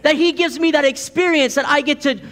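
A man in his thirties delivers a sermon in a very high, bright voice. He tells stories with a chuckle and repeats key words for emphasis. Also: steady tone, brisk. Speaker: preacher.

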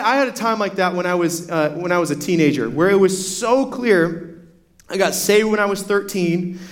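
A young adult man, a pastor, preaching a sermon in a casual storytelling way, full of "like" fillers and restarts. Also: sits high.

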